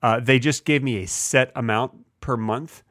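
A man's voice: medium pitch, moderate pace, fairly bright tone, no echo, studio quality. A man co-hosting a comedy podcast in casual chat, joking with a playful, mock-indignant manner. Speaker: podcast co-host.

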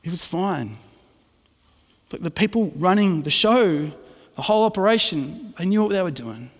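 A middle-aged preacher with a fairly high voice, mixing chatty, self-mocking stories with earnest preaching. His voice carries a long reverb, as if heard in a church hall. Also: lively intonation, normal speed. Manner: chatty, self-deprecating storytelling that turns earnest. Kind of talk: sermon with personal anecdote.

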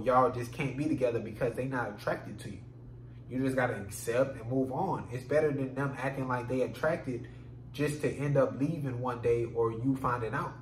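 A man hosting a solo podcast, ranting in an animated, profane way, recorded in an echoey room with a faint hum. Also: mid-range voice. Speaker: podcast host.

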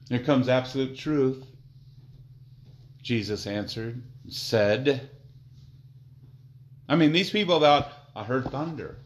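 A man preaching a sermon, slowing down to read scripture aloud and swinging from quiet low asides to loud emphatic declarations. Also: poor audio. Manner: reads scripture slowly and deliberately.

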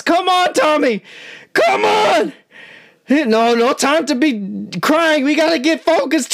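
A woman giving amateur live reaction commentary on a boxing match, excitable and slangy, often talking straight to the fighters. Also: high-pitched. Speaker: channel host, amateur commentator.

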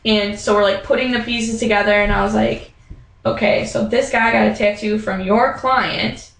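A woman's voice: mid-range voice, normal speed, vocal fry, roomy sound, rough recording. A young woman chatting casually, telling a story with lots of fillers and acting out the voices of the people in it. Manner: animated storytelling, acts out quoted voices; many fillers like "like" and "um". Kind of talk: casual chat.

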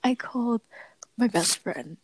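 A woman's voice: a little high, animated, measured pace, slight background noise, rough recording. A young woman co-hosting a podcast in casual chat, rambling with lots of fillers and giggles. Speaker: podcast co-host.

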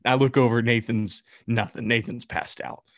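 A man telling a story in a relaxed podcast chat, building suspense and swearing now and then. His voice sits at an ordinary pitch. The recording is close and dry, with no room sound. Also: moderate pace, gravelly, no echo.

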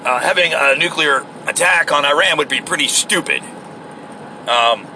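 A man's voice: on the high side, measured pace, pushed and bright, a little hiss or hum. A man rambling and swearing with lots of fillers in a casual talk from inside a moving car. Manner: rambling, profane, frequent fillers. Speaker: vlogger. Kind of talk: casual driving rant.

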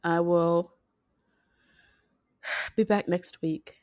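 A young woman speaks straight to her viewers in a heartfelt personal vlog, her voice sitting a little low. She talks haltingly, often stopping and starting over. The sound is close and dry, with no room around it. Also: fairly even intonation, a little mellow, dry recording. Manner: heartfelt, halting, many restarts. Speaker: vlogger.

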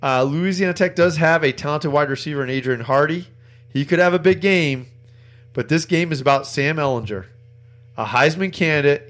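A man's voice: on the high side, a bit bright. A man hosting a sports betting podcast, chatting casually and rattling off stats and picks, laughing easily. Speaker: podcast host.

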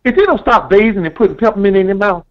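A man calling in to a sports show, animated and preachy, talking straight to the fans. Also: high-pitched, fast talker. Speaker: caller. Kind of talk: casual phone call-in. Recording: muffled phone line.

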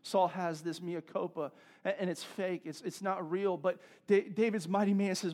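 A man's voice: high voice, steady tone, moderate pace, a little mellow. A male pastor preaching a sermon in a conversational way, repeating himself and building to emphatic peaks.

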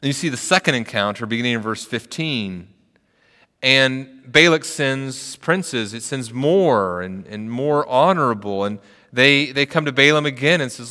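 A man's voice: medium pitch, lively intonation, unhurried, sharp tone, long reverb tail. A man preaching a sermon as a pastor, retelling a story and acting out its quotes.

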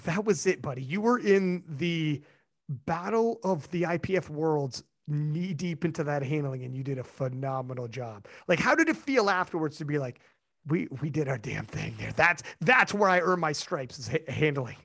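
A man's voice: a little high, normal speed. A young man hosting a casual podcast chat, telling stories with energy and swearing freely. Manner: animated storyteller, swears freely, quotes others. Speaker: podcast host.

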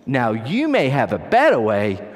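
A man putting on the voice of a homespun older American preacher with an American accent, speaking slowly and with emphasis. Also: medium pitch, wildly swooping pitch, in a large hall, voice pushed down. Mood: emphatic. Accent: American (put on).

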